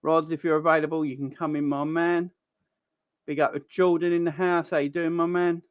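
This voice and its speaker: A man's voice: a little high, flat delivery, fairly quick, no room sound, muffled recording. A man in his thirties with a Cockney accent, hosting a casual football live stream from home, chatting and greeting viewers by name. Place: home, children in next room.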